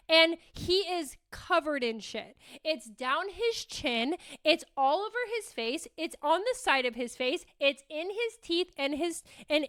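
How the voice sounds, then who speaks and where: High, bright-voiced woman podcast host. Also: dry recording. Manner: animated, profane, addresses listeners as "you guys". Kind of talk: casual storytelling monologue.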